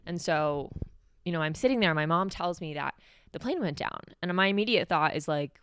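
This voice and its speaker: Candid young woman, low smooth voice. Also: animated, moderate pace, a bit bright, no echo. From New Mexico, USA. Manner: candid, conversational, heavy use of "like". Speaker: podcast host. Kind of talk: solo podcast storytelling.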